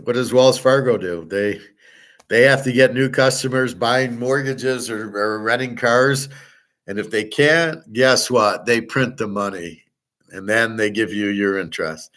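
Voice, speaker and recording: An older man talks in a loose, rambling monologue as the host of his own show. He is blunt and swears freely, firing off rhetorical questions in a mid-pitched voice. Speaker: sports betting and gold commentary host.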